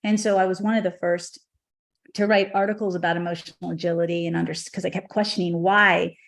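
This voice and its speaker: A woman's voice: lowish voice, little pitch movement, a little fast, gravelly. A woman hosting a podcast, telling a personal story in an emotional, rambling way with many restarts and asides. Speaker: podcast host and horse trainer.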